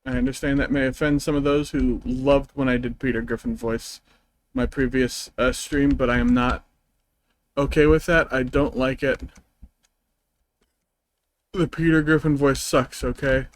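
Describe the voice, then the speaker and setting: A man's voice: medium pitch, steady tone, measured pace, long pauses, rough recording. A man streaming a game, chatting casually in a rambling, joking, self-deprecating way. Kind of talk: casual gameplay stream chat.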